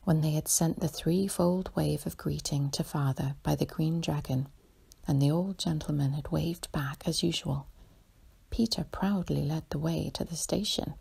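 Husky whispering woman reading a bedtime story. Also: low voice. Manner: slow, calm, hushed.

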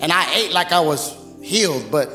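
A man preaching as pastor, in a lively, conversational sermon full of humor, while recovering from bronchitis. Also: fairly high pitch, moderate pace, faint music behind. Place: church sanctuary. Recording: echoey church hall.

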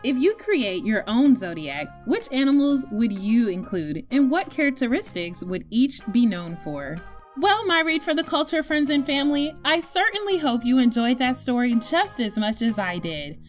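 A woman reads a children's tale aloud with a lively, swooping voice that sits a little high. Her delivery is expressive and animated. Soft music plays faintly underneath. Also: moderate pace. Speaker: storyteller reading aloud. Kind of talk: children's story read-aloud.

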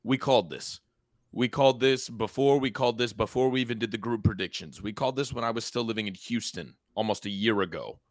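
A man's voice: medium pitch, fairly quick, no echo, clean studio sound. A man with an American accent co-hosting a casual football podcast, joking and repeating himself for emphasis. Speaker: podcast co-host. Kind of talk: casual sports chat.

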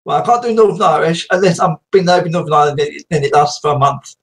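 A man hosting a casual video chat, rambling and laughing often, a little croaky. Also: fairly high pitch, fast. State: slightly croaky. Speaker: host.

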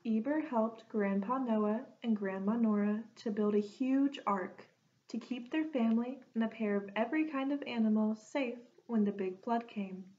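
A woman reading a children's picture book aloud in a gentle storytelling manner. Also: fairly high pitch, normal speed. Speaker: storybook reader. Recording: dull lo-fi recording.

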